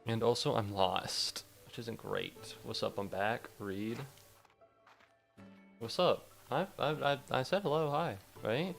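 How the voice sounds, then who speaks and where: A man's voice: medium pitch, slow, gravelly, faint music behind. A man giving casual, foul-mouthed commentary as he plays a game, talking to the creatures on screen and to his chat. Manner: chatty, swears freely, talks to game creatures; talks to chat between bouts of play. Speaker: gaming streamer.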